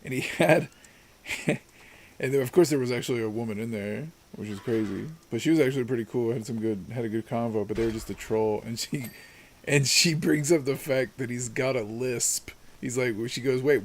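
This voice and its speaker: A man's voice: mid-range voice, moderate pace. A man casually chatting and joking while playing a co-op game, rambling and laughing often. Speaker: co-host. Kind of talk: casual gaming chat.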